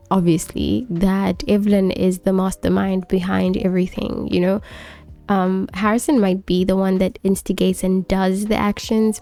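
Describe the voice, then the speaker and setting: A woman's voice: mid-range voice, creaky, dark tone. A woman giving casual, chatty commentary on a life-sim game story, full of fillers. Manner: chatty, filler-heavy, laughs often. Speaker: let's play host.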